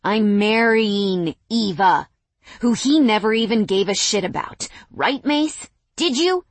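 An enraged, jilted young man, loud and high-strung, spitting out curses, voiced by a woman reading an audiobook. His voice rides high and strained. It is dry and close, with no room around it. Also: lively intonation, moderate pace, slightly rough, no room sound. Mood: mocking. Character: furious jilted young man, shouting, unhinged. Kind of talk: audiobook character voice.

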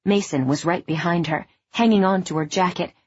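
A woman narrating a novel in a measured, even storytelling voice. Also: lowish voice, slightly rough, no echo. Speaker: audiobook narrator. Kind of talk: scripted narration. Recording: dull, dry studio sound.

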